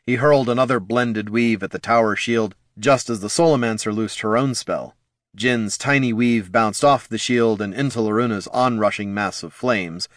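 Low voiced guy reading a fantasy audiobook, steady, super dry sound. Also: normal speed, dry recording. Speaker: audiobook narrator. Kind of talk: scripted fantasy audiobook narration.

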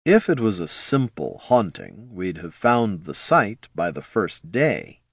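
Brooding young wizard, low and somber, as read by a man narrator; slow, subdued delivery. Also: wildly swooping pitch, a bit bright, husky, no echo, studio quality, heavily acted.

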